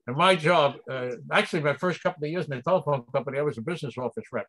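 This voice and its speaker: A man's voice: fairly high pitch, very fast, fairly bright tone. An older man with a New York accent, chatting as an interview guest in an easygoing way and chuckling often. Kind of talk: casual interview chat.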